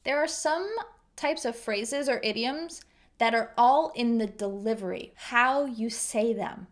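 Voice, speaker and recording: Fairly high-voiced woman teaching English idioms. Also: unhurried. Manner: clear, patient explanations with acted example lines. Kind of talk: explaining idioms to learners.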